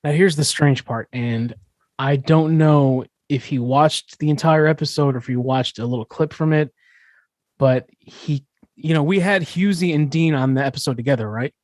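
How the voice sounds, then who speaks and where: A man's voice: a little high, normal speed, darkish tone, dry recording. A man hosting a podcast, explaining in a casual, chatty way with fillers and restarts. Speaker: podcast host.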